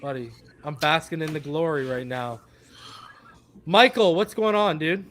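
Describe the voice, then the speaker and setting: A high-pitched man hosts a live fan stream after the game. He talks fast and hyped, crowing over the result and rallying the viewers. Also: fairly bright tone. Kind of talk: live sports fan show chat.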